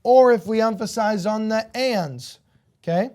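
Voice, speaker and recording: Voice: medium pitch, measured pace, darkish tone. A guitar teacher giving a beginner lesson, counting beats aloud and cheering students on with frequent "okay?" checks. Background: acoustic guitar strumming.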